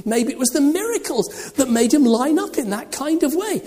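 A preacher giving a sermon, animated and full of rhetorical questions to the congregation. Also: high-pitched, normal speed. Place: church. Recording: long reverb of a church.

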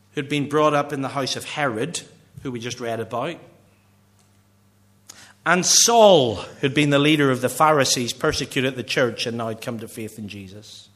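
A middle-aged man from Northern Ireland with a Northern Irish accent, preaching a sermon in an earnest way, slowing for emphasis and dropping quiet at the ends of phrases. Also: on the high side. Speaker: pastor.

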